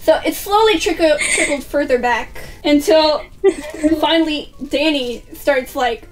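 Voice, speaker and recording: A woman's voice: high-pitched, measured pace. A woman chatting through a storytime vlog, casual and swearing now and then as she acts out what people said. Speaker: vlogger. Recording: distant mic with faint music.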